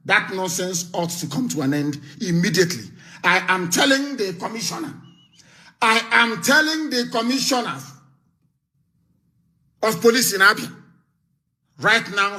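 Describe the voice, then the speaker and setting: Brief: middle-aged Nigerian man, high-pitched and bright, fiery live broadcaster who hammers warnings and bursts into shouts. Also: expressive, normal speed, pauses often. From southeastern Nigeria. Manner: threatening, repetitive, lecturing, with sudden shouts.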